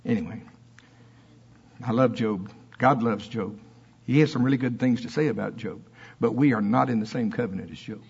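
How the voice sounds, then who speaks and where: A man preaching a sermon in church with fiery emphasis that drops into soft asides. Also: mid-range voice, normal speed, creaky, long pauses, husky, muffled recording.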